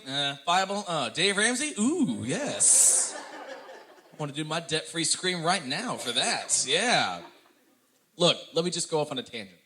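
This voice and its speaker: High bright guy doing stand-up, animated, teasing the crowd. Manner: animated, self-mocking, talks to the audience. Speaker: comedian. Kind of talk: stand-up comedy.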